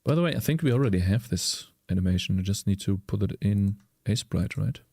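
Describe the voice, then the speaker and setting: Rambling German-accented streamer, lowish voice. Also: male voice, expressive, fast talker, gravelly, darkish tone, husky. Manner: rambling, searches for English words, chats with viewers. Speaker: streamer and indie game developer. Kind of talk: casual live-stream chat while coding.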